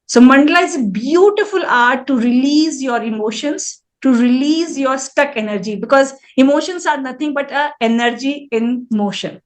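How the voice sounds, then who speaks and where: A woman's voice: high voice, normal speed, few pauses. A woman in her forties, an interview guest, telling her story earnestly and reflectively to a live audience, often restarting phrases. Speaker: interview guest, mandala artist.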